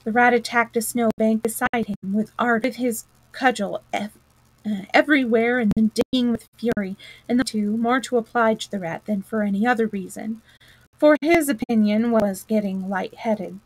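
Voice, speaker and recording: A woman reading a classic children's book aloud in a steady, measured way. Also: a little high, no echo, rough recording. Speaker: storyteller.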